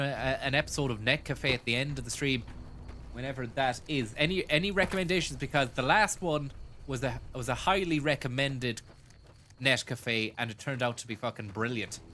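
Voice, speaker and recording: A man's voice: medium pitch, sharp tone, slight background noise. A man hosting a casual gaming stream, joking, swearing and thanking viewers for tips. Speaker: streamer host.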